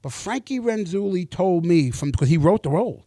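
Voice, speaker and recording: A middle-aged actor telling stories in a casual interview, animated, acting out the dialogue and swearing freely. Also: male voice, high-pitched, normal speed, dry recording, studio quality.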